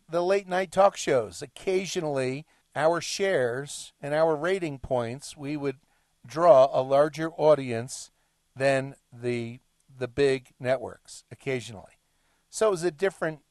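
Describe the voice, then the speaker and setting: A man's voice: on the high side, dry recording, studio quality. A middle-aged man hosting a talk show, delivering an emphatic, lecturing monologue. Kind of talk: monologue commentary.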